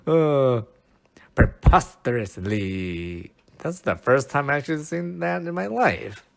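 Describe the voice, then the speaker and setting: A man's voice: on the high side, lively intonation, unhurried, vocal fry. A man hosting a casual podcast, bemused and poking fun at himself as he talks. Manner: bemused, self-mocking, laughs at himself. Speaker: podcast host.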